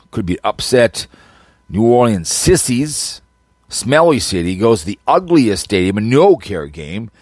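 A man's voice: deep voice, no room sound. A man hosting a casual sports picks podcast, rambling and giving teams crude mocking nicknames while he laughs at his own jokes. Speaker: podcast host.

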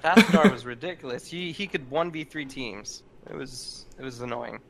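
A man with an Arizonan accent, co-hosting a casual gaming chat, teasing and telling animated stories. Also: mid-range voice, moderate pace, vocal fry.

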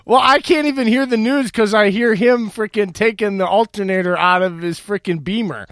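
Man, high voice, joking podcast banter, teasing, very dry sound. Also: normal speed, fairly bright tone, dry recording. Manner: teasing, joking, laughs often. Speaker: podcast co-host. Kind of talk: casual sports podcast banter.

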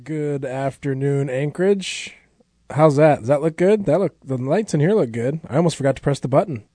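Male radio host, rambling and chatty, slightly high voice, dry studio sound. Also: normal speed, mellow, dry recording. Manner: chatty, rambling, self-mocking. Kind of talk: casual radio chat and sponsor promo. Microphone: studio microphone.

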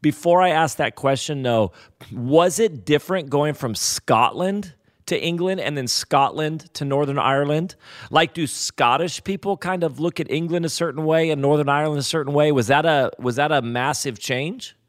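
Laughing American host, high and animated. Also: male voice, normal speed. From United States. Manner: animated, laughs often, rambling questions. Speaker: podcast host. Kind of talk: casual podcast chat.

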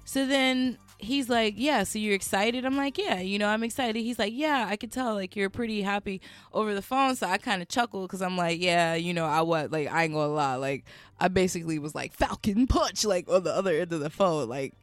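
A young adult woman casually telling a story, animated and slangy, with lots of fillers. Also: medium pitch, fairly quick, no echo, faint music behind.

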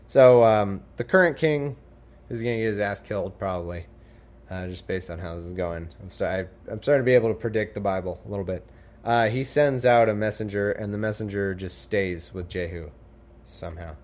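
A man's voice: fairly low pitch, moderate pace, darkish tone. A man reading the Bible aloud in a formal tone and breaking off into casual, sarcastic commentary. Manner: sarcastic asides, wry, casual. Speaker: podcast host reading scripture.

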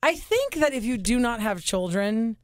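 A woman's voice: fairly high pitch, moderate pace, no room sound, clean studio sound. A woman in her thirties co-hosting a show, chatting casually and telling stories animatedly. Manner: animated storyteller who acts out quotes. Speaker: show co-host. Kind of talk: casual chat.

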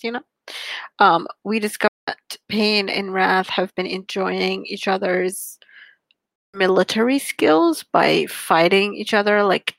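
A woman chatting casually about books in a thoughtful, measured way with some fillers. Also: medium pitch, gravelly, fairly bright tone, no echo, low-quality recording. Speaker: podcast co-host discussing books. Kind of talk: casual chat.

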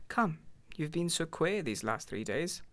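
A man's voice: fairly high pitch, very animated, measured pace, a bit bright, pitched above the performer's own voice, exaggerated voice. A man voicing an eager fumbling clerk husband.

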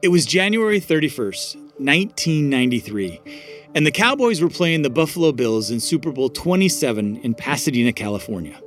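A man hosting an interview and reading scripted narration in a measured, steady way. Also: on the high side, soft background music. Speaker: host and narrator.

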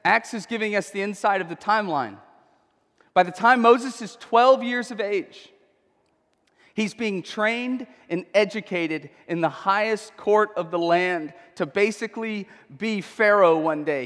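A man's voice: high voice, a bit bright, in a large hall. A male pastor preaching a sermon in a church, conversational and emphatic, often checking in with "okay?". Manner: conversational, emphatic, frequent tag questions.

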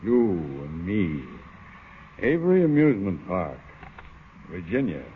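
An actor in a 1940s radio drama playing a sly, eager young sidekick. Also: male voice, sits low, big pitch swings, takes it slowly, slight background noise, full character voice. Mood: taunting. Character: sly small-time man, eager sidekick. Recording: tinny old radio broadcast.

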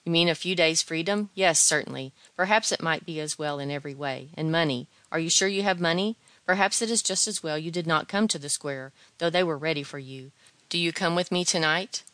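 A woman reading aloud, voicing a timid, fussy gentleman who gives solemn advice in a mournfully comic tone. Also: low voice, a little fast, no echo. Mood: anxious. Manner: solemn, lamenting, earnest advice.

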